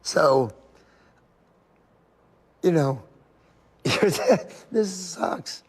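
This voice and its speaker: A tearful man, a comedian, laughing through his tears as he tells his story. His voice sits a little high, and the podcast clip carries a long reverb tail. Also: expressive, extremely slow, slightly rough. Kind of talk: casual interview storytelling.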